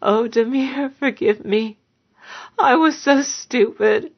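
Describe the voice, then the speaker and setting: A woman's voice: mid-range voice, unhurried, close to an everyday voice. A woman reading aloud, voicing a guilt-ridden young widow who sobs and blames herself, on a dull lo-fi recording. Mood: weeping. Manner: sobbing, self-reproaching.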